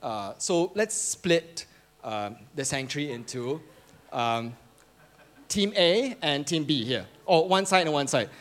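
A man's voice: a little high, animated, slow, a bit bright. A man in a church sanctuary who reads a Bible verse and then hosts a quiz for the congregation, teasing the audience and chuckling between lines. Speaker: church fellowship quiz host. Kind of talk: reading scripture then hosting a lively quiz.

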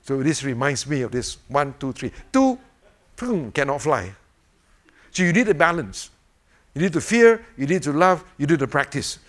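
Animated high-voiced older male preacher. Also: normal speed. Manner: animated, repetitive rhetorical questions, chuckles often. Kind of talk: informal sermon with a fidget toy demonstration.

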